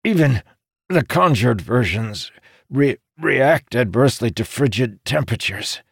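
Man voicing a hurt wizard guy, gritting it out, halting, bit higher than his normal, gravelly. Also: expressive, dry recording, clean studio sound, full character voice. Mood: strained. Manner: strained, halting through pain. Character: wounded male conjurer, straining through pain.

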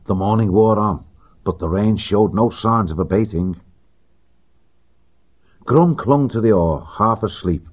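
Male audiobook narrator, lowish husky voice, steady vivid read, lo-fi. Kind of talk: scripted storybook narration. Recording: dull lo-fi recording.

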